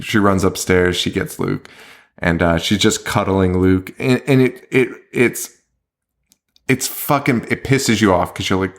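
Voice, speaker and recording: A man's voice: lowish voice, normal speed. A man co-hosting a podcast, chatting casually and swearing a lot as he recaps a movie's plot with acted-out quotes. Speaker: podcast co-host.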